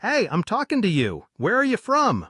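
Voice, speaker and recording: A man voicing a drunk, aggressive English hooligan who shouts and menaces, with a husky voice. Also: on the high side, huge pitch swings, moderate pace, no echo, studio quality, full character voice. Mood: shouting.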